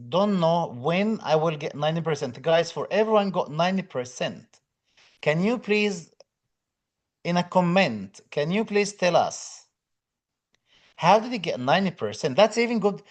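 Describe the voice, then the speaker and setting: A man teaching exam prep on a live stream, chatting casually, greeting viewers by name and reading out their comments in loosely phrased English. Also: fairly high pitch. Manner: non-native English phrasing with fillers.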